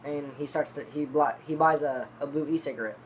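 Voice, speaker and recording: A man's voice: on the high side, a little fast, slight background noise. A man telling a long, rambling story in casual, profanity-laden talk, reviewing dip tobacco. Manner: rambling, profane, restarts often.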